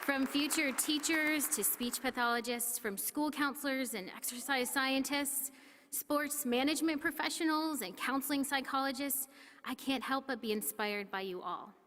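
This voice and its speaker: Female commencement speaker, fairly high voice, earnest and measured, long hall reverb. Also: fairly bright tone, a faint crowd. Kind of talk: formal ceremony speech.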